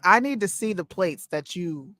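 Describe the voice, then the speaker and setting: Animated, slangy woman co-host with strong opinions, dry mic. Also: lowish voice, normal speed, no room sound. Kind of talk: casual chat.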